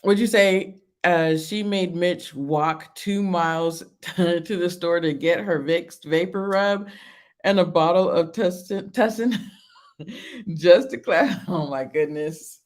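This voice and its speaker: A woman's voice: lowish voice, slow. Chatty woman reviewing reality TV. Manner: chatty, laughs often, answers viewer comments; emphatic, repeats phrases for effect. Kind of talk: casual live-stream commentary.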